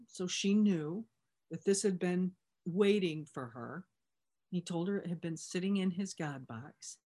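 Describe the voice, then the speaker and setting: With a fairly low, slightly mellow voice, this recovery sponsor talks through something that happened to her, acting out the exchanges between people. Her style is chatty, with fillers and frequent restarts.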